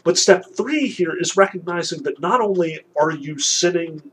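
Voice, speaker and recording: A man giving a literature lecture, reading passages aloud with animated, emphatic delivery and casual fillers. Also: a little high, moderate pace, a little hiss or hum, rough recording. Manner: fillers and restarts, conversational.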